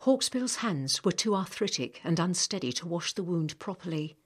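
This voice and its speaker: A woman reading an audiobook in a measured, expressive narration. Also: fairly low pitch, husky.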